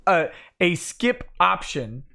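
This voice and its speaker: Brief: male stream host, casual and profane, reads chat messages in a flat run, a touch higher voice. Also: takes it slowly, gravelly. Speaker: livestream host. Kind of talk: casual chat, reading viewer comments aloud.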